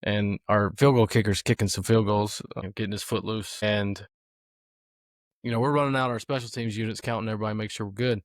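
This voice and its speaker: A man's voice: fairly low pitch, fairly even intonation, fairly quick, dry recording, clean studio sound. A man, a football coach hosting a podcast, telling stories in a casual, rambling way with many fillers. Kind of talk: casual storytelling chat.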